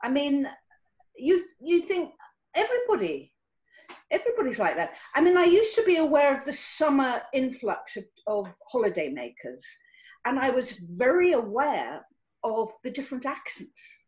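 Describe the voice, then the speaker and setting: Older woman from Cornwall, animated storytelling voice, video call interview. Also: normal speed, rough recording. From Cornwall, England. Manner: warm storytelling with lively pitch, many restarts. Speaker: actress guest.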